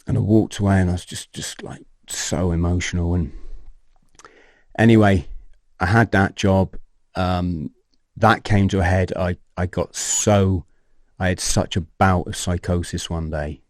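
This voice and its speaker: A man, a podcast guest telling his personal story in an animated way, swearing and acting out scenes. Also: deep voice, unhurried, no room sound, studio quality.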